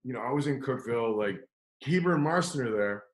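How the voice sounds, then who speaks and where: A man's voice: mid-range voice, lively intonation, quick pace, reverberant, low-quality recording. A man telling a long story in casual chat, rambling and profane, with lots of "like" and restarts. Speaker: podcast guest telling a story.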